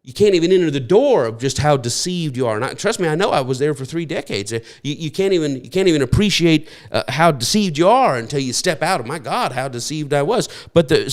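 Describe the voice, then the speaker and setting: A middle-aged man preaching a sermon in an earnest, repetitive way, often stammering and restarting his phrases. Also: medium pitch. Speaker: pastor.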